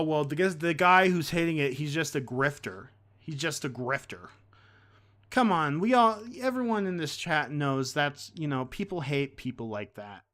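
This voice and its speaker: Rambling man with a smooth voice. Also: a little high, fairly bright tone. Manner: rambling, frequent restarts and fillers, heated. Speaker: streamer host. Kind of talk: casual live-stream commentary.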